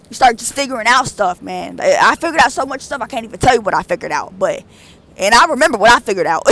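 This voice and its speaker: A woman's voice: on the high side, brisk, gravelly. A young adult woman vlogger telling a story in a casual, rambling way, full of fillers. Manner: rambling, animated, with many fillers.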